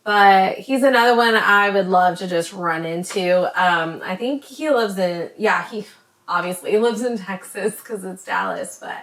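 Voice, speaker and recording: A woman chatting to her camera as a vlogger, rambling with many ums and tripping over words when she talks fast. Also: medium pitch, a bit bright. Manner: says she stutters when talking fast. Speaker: vlogger recommending creators. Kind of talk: casual chat to camera.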